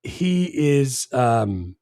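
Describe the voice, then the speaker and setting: A man's voice: mid-range voice, big pitch swings, very slow, warm tone, smooth, no echo, clean studio sound. A man co-hosting a podcast, chatting casually about a film in a rambling, laid-back way with lots of fillers and restarts. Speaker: podcast co-host. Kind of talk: casual movie chat.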